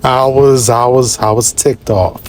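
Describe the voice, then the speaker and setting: A man talks through his travel vlog in a loose, slangy way, often leaping high in pitch for emphasis. His voice sits in an ordinary middle range. A faint hiss of background noise runs under it. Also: a little slow. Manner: animated, slangy storyteller with big pitch jumps. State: short of breath at altitude. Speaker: travel vlogger. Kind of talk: casual travel vlog narration.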